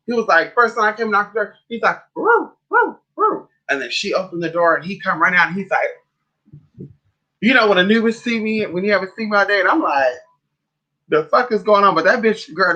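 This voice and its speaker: Sassy, very bright-voiced man chatting. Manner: sassy, chatty, calls viewers honey and girl; animated storyteller with big pitch swings. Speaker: spiritual advisor on a livestream. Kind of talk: casual livestream chat.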